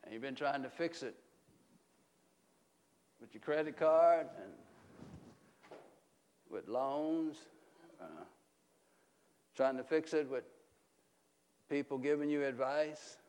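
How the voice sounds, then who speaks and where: High-voiced preaching pastor. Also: male voice, takes it slowly, long pauses. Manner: call-and-response preaching, asks the congregation questions; swings between loud emphatic peaks and low quiet stretches. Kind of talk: sermon.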